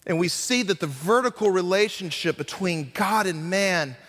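A man preaching a sermon as a guest speaker, earnest and dramatic, slowing down for emphasis and acting out quotes. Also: high-pitched, a bit bright, in a large hall.

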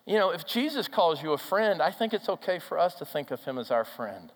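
A male pastor preaching a sermon and telling a story, swinging from loud declarations down to soft, hushed lines. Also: on the high side, big pitch swings, fairly quick. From Minnesota, USA. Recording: hall reverb.

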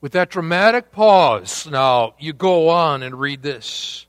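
Slow, deliberate man preaching a sermon. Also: a little high, animated, clean tone, dry recording. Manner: deliberate, with dramatic pauses and emphatic rises. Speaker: pastor.

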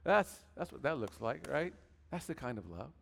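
A man's voice: on the high side, very animated, moderate pace, gravelly, in a large hall. A male pastor preaching a sermon in a conversational, folksy way with asides to the congregation.

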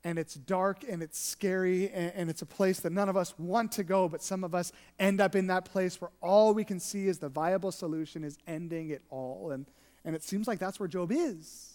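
A pastor preaching an earnest sermon, shifting between emphatic and hushed delivery. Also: medium pitch, normal speed, big-room sound.

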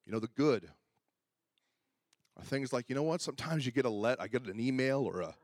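A middle-aged man preaching a sermon as pastor, telling personal stories and acting out the dialogue with lively energy. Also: medium pitch, brisk, no room sound, studio quality. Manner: animated storyteller who acts out dialogue.

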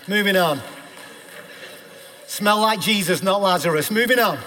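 A man preaching a sermon as pastor, swinging between loud emphatic declarations and hushed, earnest pleas. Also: high-pitched, normal speed, long pauses. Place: church sanctuary. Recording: long hall reverb with faint music.

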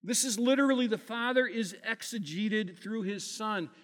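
A pastor delivers a sermon in an earnest, high-pitched voice. He swells loud on key phrases, then falls quiet between them. The sound carries a long hall reverb. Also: normal speed.

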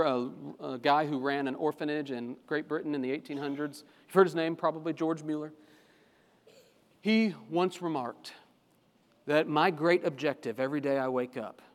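A man with a high voice preaches to a congregation, swelling into fervent pleading as he drives home his points. His voice rings out with a long reverb in a large church sanctuary. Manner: impassioned, rising to fervent pleading. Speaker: pastor. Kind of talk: sermon.

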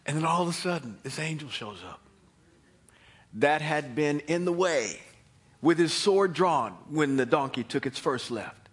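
A man preaching a sermon and telling a Bible story in an animated manner, swinging between loud and hushed. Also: on the high side, unhurried, breathy edge.

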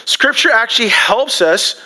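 A middle-aged man preaching a sermon in a conversational, joking way, repeating phrases and slowing down on the lines he wants to land. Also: extremely high pitch, animated, sharp tone. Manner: conversational, self-deprecating humor, repeats phrases, draws out key lines slowly. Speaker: pastor.

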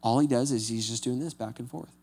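A male pastor delivers a relaxed, conversational sermon at a middle pitch. He keeps checking in with casual "right?" asides and breaks into animated, theatrical voices when retelling scripture. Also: a little fast. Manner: acts out scripture quotes with lively voices.

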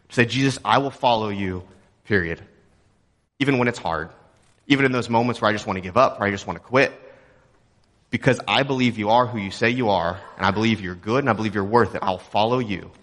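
A young adult man from Texas delivers a sermon in a relaxed, conversational way, with a middling pitch. He jokes with the congregation and keeps asking rhetorical questions. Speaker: pastor. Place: church auditorium.

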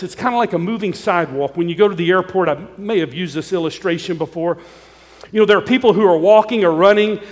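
Pastor, male, high-pitched, earnest pleading sermon delivery, long church reverb.

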